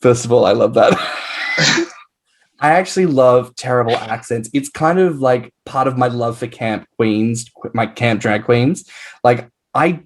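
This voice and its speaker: Australian male podcast host, campy and animated, mid-pitched, laughs a lot. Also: a little slow. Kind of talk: casual podcast chat.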